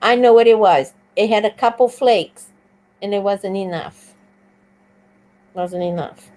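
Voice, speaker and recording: A woman guest on a live stream, telling stories with animated enthusiasm. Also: medium pitch, unhurried, low-quality recording. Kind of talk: casual conversation.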